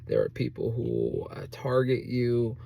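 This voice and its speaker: A man's voice: medium pitch, a little slow, creaky, dry recording, highs cut off. Chatty man telling a story to camera. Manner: animated, chatty, keeps asking "okay?". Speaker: small business owner. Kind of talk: casual storytelling vlog.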